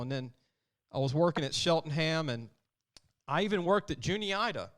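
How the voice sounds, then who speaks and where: A man's voice: fairly high pitch, animated, normal speed, pauses often, fairly bright tone. A man hosting a sports podcast, telling stories in a chatty way and acting out the people he quotes. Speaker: podcast host. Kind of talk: casual sports talk.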